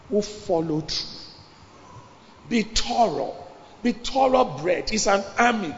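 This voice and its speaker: A man preaches with a high, gravelly voice, driving his points home and repeating phrases as he builds to shouts. The sound is dull and lo-fi, with long reverb from a large hall. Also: lively intonation, unhurried. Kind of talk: sermon.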